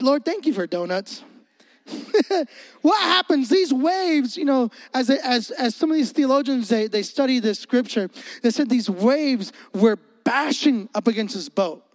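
A man preaches a sermon with a very high voice. His delivery is animated and comedic, and he acts out the scenes in his stories. The recording is close and dry, with no room sound. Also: no echo. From Florida.

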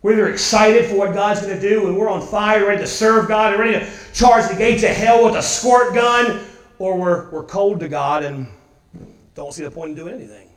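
A male pastor preaching a sermon, telling stories lively and acting out quotes, often repeating words as he goes. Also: high voice, normal speed, echoey room, low-quality recording. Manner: animated storyteller, acts out quotes, repeats words.

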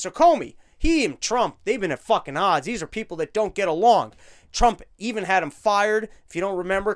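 A man's voice: high voice, clean tone. A young man hosting his own show, ranting casually with sarcasm and profanity. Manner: profane, sarcastic, fast-talking. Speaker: podcast host. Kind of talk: casual political rant.

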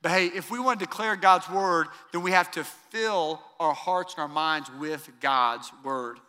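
Male pastor, 30s, high bright tenor, sermon delivery, big reverberant auditorium. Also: measured pace, clean tone. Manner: emphatic, repeats key lines, swings from loud to soft.

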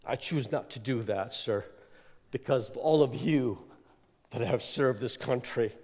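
Man, church guest speaker, energetic, filler-heavy, long hall echo. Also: medium pitch, unhurried. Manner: energetic, emphatic, rambling with fillers. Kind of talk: informal church address. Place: church sanctuary. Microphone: clip-on mic that keeps slipping.

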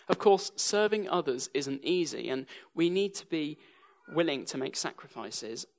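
A man's voice: fairly high pitch, creaky. A young English man preaching a sermon, telling stories with a dry sense of humour. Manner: dry humour woven into storytelling.

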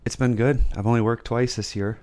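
A man's voice: mid-range voice, steady tone, brisk, a little mellow. A man co-hosting a casual podcast, asking questions and talking sports in a dry, easy way. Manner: dry, asks questions, talks sports stats. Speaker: podcast co-host. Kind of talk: casual chat.

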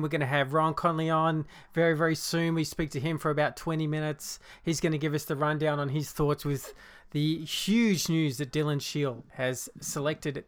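An Australian man hosting a casual sports podcast, excited and jokey, often restarting his sentences. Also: fairly high pitch, clear, resonant tone. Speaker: podcast host.

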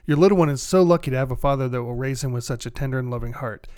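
A man's voice: mid-range voice, rapid-fire, a little mellow, clean tone. A man co-hosting a casual gaming podcast, joking sarcastically and crudely with his friend. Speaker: podcast co-host.

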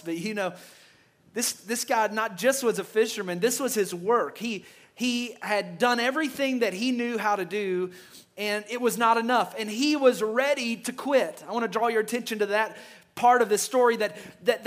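A man's voice: sits high, normal speed, fairly bright tone. A male pastor preaching a sermon emphatically, often stammering and repeating words as he builds a point.

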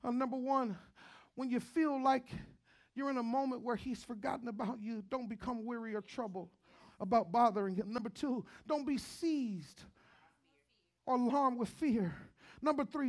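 A woman preaching a sermon, repeating phrases rhythmically and swinging between shouting and near-whispers, with frequent "come on now" call-outs to the congregation. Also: on the high side.

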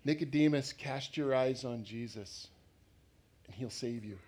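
A man's voice: medium pitch, measured pace, a little mellow, breathy edge. Conversational male preacher. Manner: conversational, asks the congregation questions, acts out voices. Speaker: pastor. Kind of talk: sermon.

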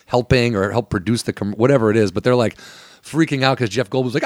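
A man's voice: mid-range voice, fast, no room sound, studio quality. A man telling showbiz stories in casual chat, swearing and laughing as he goes.

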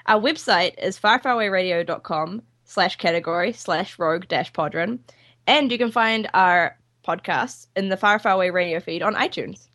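Bright-voiced wry woman co-host. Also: on the low side, moderate pace. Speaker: podcast co-host. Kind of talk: casual group chat.

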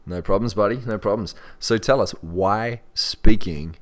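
Deep-voiced podcast host, friendly and upbeat. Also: male voice, unhurried. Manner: friendly and energetic, says "mate" and "man". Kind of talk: casual interview.

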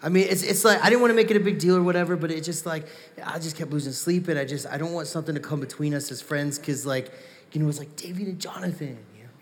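A man's voice: a little high, fast talker, long reverb tail, close to an everyday voice. A man acting in a comedy skit, awkwardly stammering as he raises a problem with a friend. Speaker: skit actor.

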